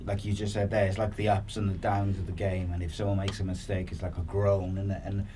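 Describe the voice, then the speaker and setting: A man's voice: deep voice, level tone, fairly quick, warm tone, distant mic, a little hiss or hum. A man hosting a podcast, asking chatty questions full of fillers. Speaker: podcast host. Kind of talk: casual interview chat.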